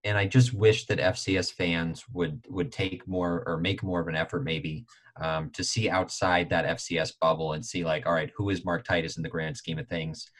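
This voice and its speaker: A young man co-hosting a sports podcast, chatting casually with heated opinions and leaping up in pitch to stress his points. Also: normal speed, rough recording. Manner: animated, heated opinions with frequent filler "like". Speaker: podcast co-host.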